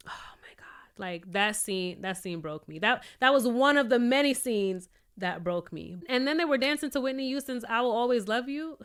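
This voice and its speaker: Woman, TV review vlogger, expressive and emotional, smooth clear voice. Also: fairly high pitch, normal speed, few pauses. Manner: expressive, emotional, playful asides. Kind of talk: casual review chat.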